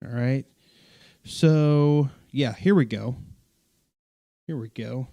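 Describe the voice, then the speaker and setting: A man's voice: mid-range voice, slow, dark tone. A man hosting a live stream as a pastor, chatting casually with viewers and rambling through fillers, restarts and self-corrections.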